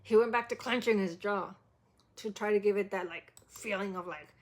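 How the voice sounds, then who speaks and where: A woman's voice: mid-range voice, normal speed. A woman reacting to a vocal cover, casually critiquing the singing and often singing lines herself to show how they should sound. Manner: demonstrates by singing lines, filler-heavy "like". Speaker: music reaction host.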